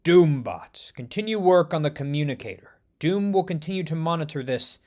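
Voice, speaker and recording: A man voicing a scheming armored tyrant who talks slowly and self-importantly. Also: a little high, expressive, darkish tone, natural voice. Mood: commanding.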